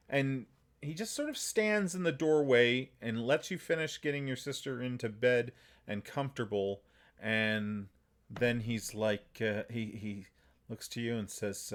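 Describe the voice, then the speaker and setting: A man narrating a tabletop game as game master, halting and full of fillers. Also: mid-range voice, a bit bright.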